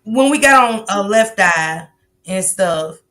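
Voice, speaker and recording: A woman host talks casually on a livestream, circling her point with fillers. She often drops in soft murmurs of agreement while her guest speaks, and her pitch sits in the middle for a woman. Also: lively intonation, slow pace. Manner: frequent affirming murmurs, rambling with fillers. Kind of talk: casual chat.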